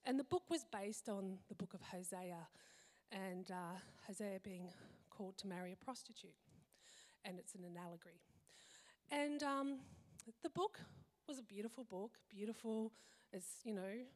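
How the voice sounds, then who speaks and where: A woman in her fifties giving a heartfelt, reflective personal talk to a gathering, often pausing to list things slowly. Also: mid-range voice. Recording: long hall reverb.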